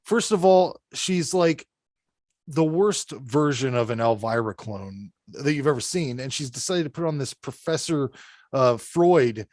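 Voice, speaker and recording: A man's voice: medium pitch, lively intonation, a little slow, darkish tone, dry recording. A man hosting a horror movie podcast, talking bluntly and profanely, rambling with lots of fillers. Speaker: podcast host. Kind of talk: casual podcast review chat.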